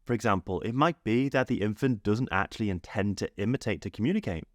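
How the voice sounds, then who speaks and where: A man, narrating a scripted psychology lesson in a clear, steady, explanatory way. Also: fairly low pitch, quick pace, no echo, clean studio sound. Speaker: psychology teacher.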